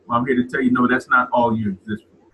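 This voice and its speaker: A man's voice: medium pitch, level tone, fast talker, slightly rough, narrow, tinny audio. A man preaching a sermon, often repeating words as he builds his point.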